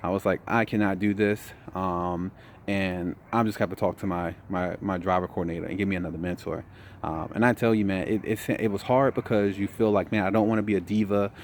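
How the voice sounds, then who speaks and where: Young male vlogger, tired, low voice, relaxed storytelling, faint noise floor. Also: fairly quick. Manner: relaxed storytelling, says "man" a lot. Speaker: trucking vlogger. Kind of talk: casual vlog update.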